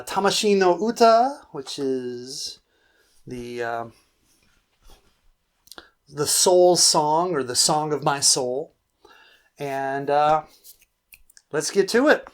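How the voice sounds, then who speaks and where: A man's voice: fairly high pitch, expressive. A man reading his own poetry and chatting between poems in a rambling, self-deprecating way. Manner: slow, rambling, self-deprecating, laughs at himself.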